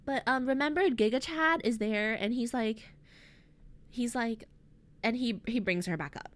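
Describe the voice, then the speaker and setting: Speaking a little slowly in a voice on the high side, a woman streaming as a VTuber rambles through a story recap for her chat. She's animated, sprinkling in lots of fillers and internet slang.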